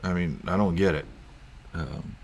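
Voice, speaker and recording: Man, very low voice, casual live-stream chat, lots of ums and chuckles. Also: measured pace, gravelly, a little mellow, a little hiss or hum. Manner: rambling, with frequent ums and chuckles. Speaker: YouTube channel host. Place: at home.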